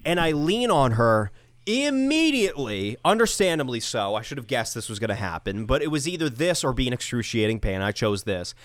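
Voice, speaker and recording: A man's voice: mid-range voice, sing-song, fairly quick, no echo. A young man co-hosting a podcast, telling an exasperated story with lots of swearing. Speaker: podcast co-host. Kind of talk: casual storytelling chat.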